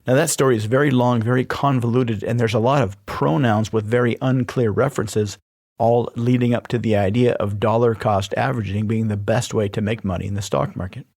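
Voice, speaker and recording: A man hosting a podcast, reading scripted instructional narration in a steady, even-paced delivery. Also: medium pitch, fairly quick, no room sound, clean studio sound. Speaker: podcast host teaching persuasion.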